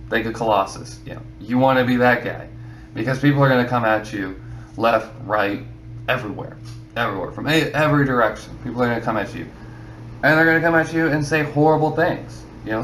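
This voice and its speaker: A man's voice: mid-range voice, lively intonation, a little fast, fairly bright tone, roomy sound, slight background noise, rough recording. A man giving casual advice to other artists, rambling and filling his talk with "you know". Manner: rambling, repeats himself, many "you know"s.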